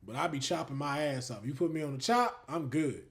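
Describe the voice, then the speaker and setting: With a fairly high-pitched voice, a man hosts a laid-back livestream and banters with viewers. He often laughs, swears without restraint, and trails off into stretched-out fillers.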